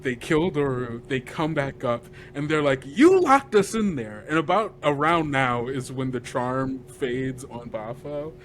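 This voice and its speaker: A man, a game master guest, retelling a tabletop campaign session in a lively, rambling way, often laughing and filling gaps with "like.". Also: mid-range voice, measured pace, few pauses, a little hiss or hum. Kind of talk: animated storytelling recap.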